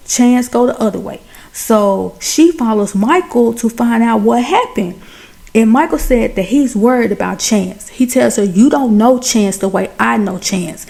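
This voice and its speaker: A woman's voice: on the high side, gravelly, darkish tone. A woman giving a chatty, colloquial recap of a film, retelling scenes with drama. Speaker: film reviewer.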